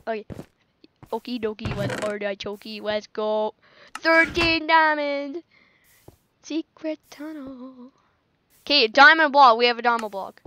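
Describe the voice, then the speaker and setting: A woman's voice: sits high, noisy background. A woman giving casual gameplay commentary, chatting to herself and laughing often as she plays. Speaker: gaming channel host.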